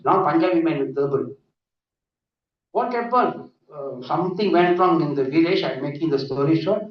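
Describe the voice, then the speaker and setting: A man giving a lively conference lecture full of anecdotes, often asking "isn't it?". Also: on the high side, normal speed. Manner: animated, often adds 'isn't it?'. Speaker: conference speaker. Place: conference hall. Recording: echoey hall, distant dull mic.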